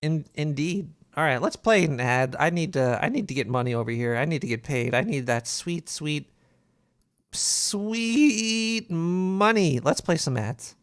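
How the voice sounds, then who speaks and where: Posing as a paranoid cartoon rat, a man hosts a comedic call-in radio show, rambling as he reads emails and constantly stammering and restarting. His voice sits at a medium pitch, a little fast with few pauses, and the recording is dry and studio quality.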